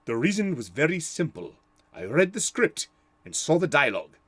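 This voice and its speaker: A man imitating an older male horror film actor, speaking in a measured, haughty way. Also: a little high, sing-song, fairly bright tone, dry recording.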